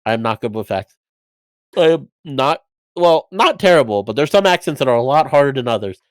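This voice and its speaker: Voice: medium pitch, animated, fairly quick, dry recording. A guest voice actor talking hesitantly on a podcast, self-deprecating and full of fillers. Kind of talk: casual roundtable chat.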